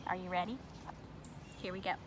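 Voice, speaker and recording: A woman reading a picture book aloud to children at home, gentle and expressive, talking straight to her young viewers. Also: fairly low pitch, fairly quick, noisy background.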